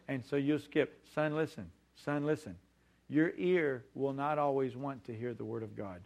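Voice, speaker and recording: A man preaching a sermon, stressing and repeating key words and stretching out important phrases. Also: fairly high pitch. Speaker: pastor.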